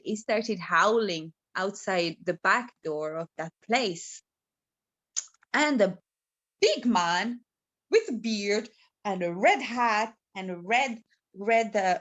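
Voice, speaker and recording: A woman's voice: mid-range voice, expressive, slow pace, a bit bright. A woman casually telling a story, rambling with many fillers and giggles.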